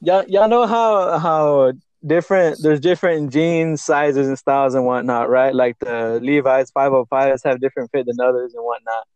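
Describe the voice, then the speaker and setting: A man's voice: medium pitch, a little mellow, smooth, dry recording. A young man on a podcast, telling a story casually with many restarts. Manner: halting, rambling, many restarts. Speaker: podcast co-host. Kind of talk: casual chat. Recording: dull, dry sound.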